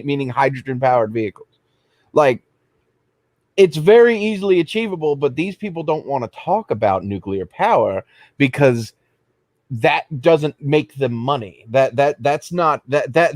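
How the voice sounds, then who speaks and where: A man's voice: fairly high pitch, no room sound. Rambling man in a casual chat. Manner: rambling, stumbles and restarts.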